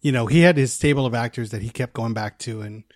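A middle-aged man co-hosting a podcast, talking enthusiastically about films with many restarts and a voice that trails off softly. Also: mid-range voice, fast talker, dry recording, studio quality. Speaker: podcast co-host. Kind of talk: casual movie chat.

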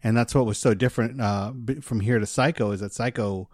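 A man's voice: mid-range voice, a little fast, darkish tone, no room sound, clean studio sound. A man co-hosting a casual film podcast, speaking in an easygoing, agreeable way with plenty of fillers. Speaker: podcast co-host. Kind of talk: casual chat about film.

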